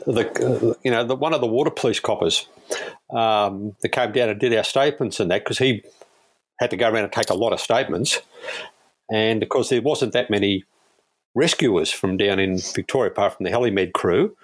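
A man's voice: mid-range voice, dry recording. An Australian man, a police air rescue crewman, telling stories in a laid-back, chuckling way as an interview guest. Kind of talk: casual storytelling interview.

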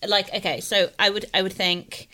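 A woman's voice: mid-range voice, steady tone, normal speed, bright, forceful tone. A woman co-hosting a podcast, frank and teasing, with lots of fillers in casual chat. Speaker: podcast co-host. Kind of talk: casual banter.

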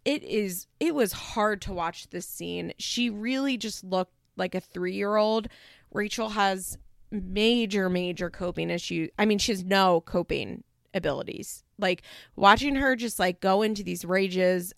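Blunt, gravelly-voiced woman recapping. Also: mid-range voice, no room sound, studio quality. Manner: candid, blunt, sprinkled with swearing and "like". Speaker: reality TV recap host. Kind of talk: casual recap monologue.

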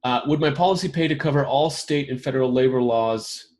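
A man's voice: medium pitch, fairly quick, a little mellow. A man hosting a casual roundtable, reading a list of questions aloud and reacting to them with amused commentary. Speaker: podcast host.

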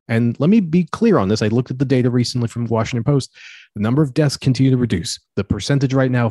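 A man's voice: medium pitch, mellow, breathy edge, no echo. A man co-hosting a podcast, making an emphatic, argumentative point in casual chat. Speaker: podcast co-host.

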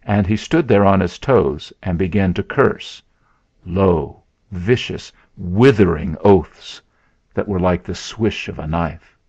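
Gravelly guy reading a story, low voice, kinda lo-fi. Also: a little mellow. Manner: measured storytelling. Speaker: story narrator. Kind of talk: scripted narration. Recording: dull lo-fi sound.

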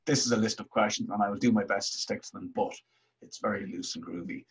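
A man hosting a podcast, chatting casually over a video call and joking with a deadpan, teasing manner. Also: fairly low pitch, quick pace, husky. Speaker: podcast host. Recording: dull lo-fi call audio.

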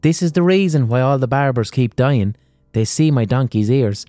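A man's voice: mid-range voice, brisk, dark tone, dry recording, faint music behind, natural voice. An Irish man voicing a menacing ancient king in a folk tale he is retelling, talking blunt and profane. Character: threatening ancient king with a secret.

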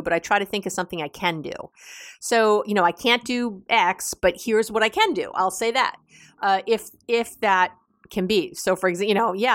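Female podcast host, casual advice talk, mid-pitched, chatty with frequent laughs, dry close recording. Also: no echo. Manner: chatty, laughs often, restarts and repeats words.

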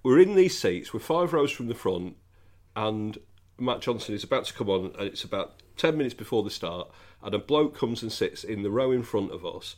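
A man's voice: fairly low pitch, lively intonation, normal speed. A man, co-hosting a podcast and telling a long, wry anecdote in casual chat. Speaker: podcast co-host.

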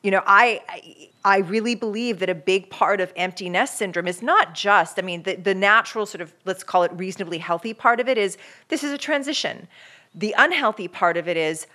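A woman's voice: mid-range voice, a little fast, bright, forceful tone. A woman co-hosting a parenting podcast, explaining her views in a thoughtful casual chat. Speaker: podcast co-host, parenting expert.

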